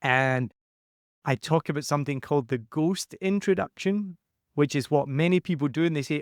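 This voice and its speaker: A man hosting a podcast who coaches his guest in a lively, conversational way and acts out quotes with added pitch. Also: moderate pace, dry recording, studio quality.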